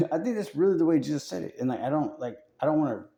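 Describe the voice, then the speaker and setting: A man's voice: a little high, expressive, fast talker, vocal fry, mellow. A man talking in a casual, rambling monologue, profane and full of fillers and restarts.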